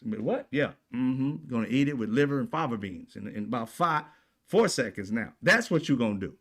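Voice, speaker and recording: A man's voice: mid-range voice, animated, fairly quick. A man delivering an indignant, heavily profane political commentary rant, peppered with rhetorical questions to his audience. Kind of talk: ranting commentary.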